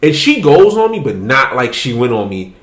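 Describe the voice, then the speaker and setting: A man's voice: mid-range voice, big pitch swings, normal speed, reverberant. A man hosting a podcast, telling a story in casual, profane chat and laughing as he goes. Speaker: podcast host.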